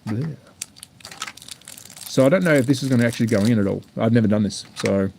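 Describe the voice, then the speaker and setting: A man's voice: medium pitch, a little fast, gravelly, darkish tone, a little hiss or hum. A man with an Australian accent hosting a live-stream hobby unboxing, chatting casually and bluntly with plenty of swearing and rambling asides. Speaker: slot car channel host.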